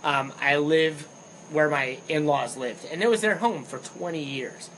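A young man co-hosting a podcast, telling stories in animated casual chat and swearing freely. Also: fairly high pitch, a little slow, a little hiss or hum, low-quality recording. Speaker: podcast co-host.

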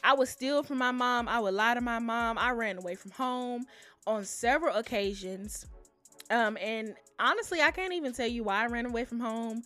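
A young woman telling personal stories in a casual, animated way, often calling out to her listeners. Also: a little high, moderate pace. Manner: animated, addresses listeners as y'all. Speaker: storyteller. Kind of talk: casual storytelling to camera.

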